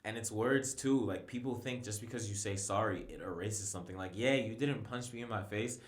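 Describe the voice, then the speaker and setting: Man, low voice, earnest, emphatic, podcast guest, roomy echo. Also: fairly quick. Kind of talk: casual chat.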